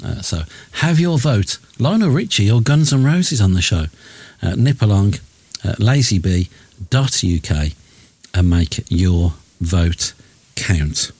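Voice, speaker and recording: A man's voice: lowish voice, lively intonation, takes it slowly, darkish tone, breathy edge, dry recording. A man presenting a late-night radio show, chatty and jokey, poking fun at himself between song links. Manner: chatty, jokey and self-mocking.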